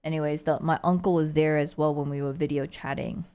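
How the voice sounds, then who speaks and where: A woman's voice: low-pitched, fairly even intonation, fairly quick, mellow, smooth. Giggly young woman chatting on stream. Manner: chatty, giggly, full of "like" fillers. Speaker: livestreamer. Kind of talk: casual stream chat.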